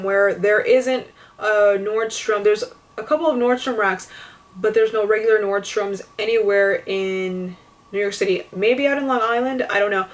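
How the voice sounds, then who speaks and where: A woman's voice: medium pitch, far from the mic. A young woman venting to camera in a casual rant, exasperated and swearing, with lots of "like". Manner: exasperated, profane, fillers of "like". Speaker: vlogger.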